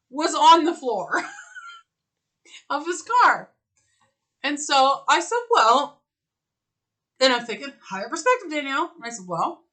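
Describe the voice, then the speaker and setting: A woman with a high, bright voice co-hosts a casual talk show. She tells her stories in an animated way, acting out both people in them, and she swears freely. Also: low-quality recording. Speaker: co-host. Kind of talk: casual storytelling chat.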